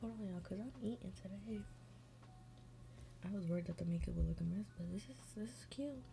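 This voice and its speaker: A woman's voice: medium pitch, a little fast, creaky, warm tone, slight background noise. A woman hosting an advice show, chatting casually and bluntly with lots of swearing while doing her makeup and reading stories, sometimes mumbling under her breath. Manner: blunt, profane running commentary.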